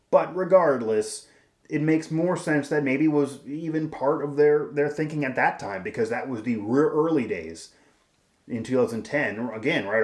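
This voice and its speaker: A man hosts a sports commentary show, talking emphatically and circling back on his points. His voice sits at a middle pitch. The room around him is noticeably echoey. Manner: emphatic, rambling, frequent restarts.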